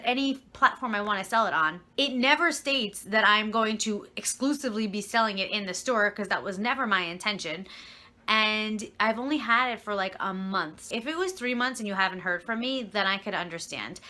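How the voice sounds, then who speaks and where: Young woman vlogger, bright tone, chatty and rambling, phone-recorded. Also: mid-range voice. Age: young adult. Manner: rambling, chatty, fed-up asides. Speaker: vlogger and reseller. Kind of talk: casual storytelling vlog.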